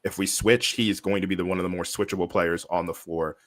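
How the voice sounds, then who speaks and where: A young man co-hosts a casual basketball podcast, speaking fast in a low voice with fairly even intonation. His sports chat rambles, full of fillers and restarts.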